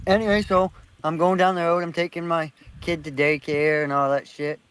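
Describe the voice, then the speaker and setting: A man's voice: a little high, flat delivery, normal speed, a bit bright, smooth, poor audio. A man telling a heated, profanity-filled story on a casual online panel call.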